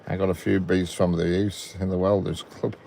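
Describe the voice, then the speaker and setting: Deep gravelly man chatting on a live stream. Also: little pitch movement, normal speed, warm tone, slight background noise. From England. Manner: chatty, greets viewers by name, chuckles. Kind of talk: casual live-stream chat. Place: inside a parked car by a railway.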